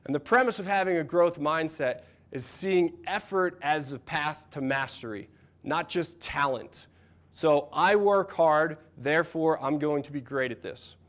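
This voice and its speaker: A man, a mental performance coach, giving an energetic, encouraging workshop talk and asking the room questions. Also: on the high side, unhurried. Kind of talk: workshop talk to a live audience.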